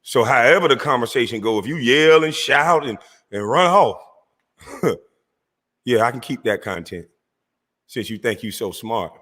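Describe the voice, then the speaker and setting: A man's voice: medium pitch, lively intonation, moderate pace, pauses often, a bit bright, long reverb tail. A man hosting his own livestream, delivering a heated, mocking call-out aimed straight at a rival. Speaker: livestream host. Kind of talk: confrontational call-out rant.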